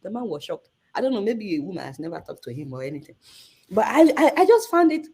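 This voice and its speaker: A woman in her thirties with a Nigerian accent, a journalist guest telling a story with lively energy and acting out the people she quotes. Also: fast talker, husky. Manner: acts out quoted voices with big pitch jumps. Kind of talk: animated storytelling in conversation.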